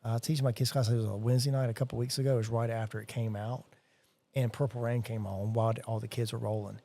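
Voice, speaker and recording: Gravelly man telling stories casually. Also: medium pitch, fast talker. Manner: animated storyteller, says dude and bro a lot. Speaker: podcast guest, jiu-jitsu instructor. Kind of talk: casual chat.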